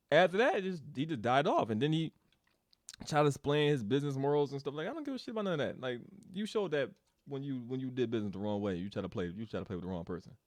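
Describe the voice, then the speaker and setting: A man giving a casual developer update, telling a story in an animated, ranting way, laughing often and swearing. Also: on the high side, no room sound, studio quality.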